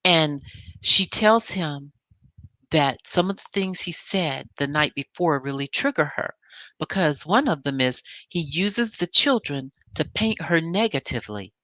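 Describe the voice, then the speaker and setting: A woman's voice: low-pitched, expressive, measured pace, fairly bright tone, dry recording. A woman vlogger giving a casual, emphatic recap of a reality show episode, telling it like a story.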